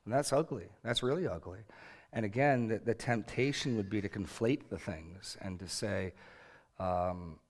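A man's voice: fairly low pitch, normal speed. A man in his thirties preaching a sermon in an earnest, conversational way, rising emphatically on key points. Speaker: pastor.

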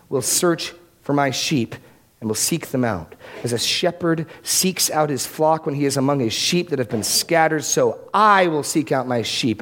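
A man preaching a sermon, reading scripture aloud and stressing key words with dramatic pauses. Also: on the high side. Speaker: pastor.

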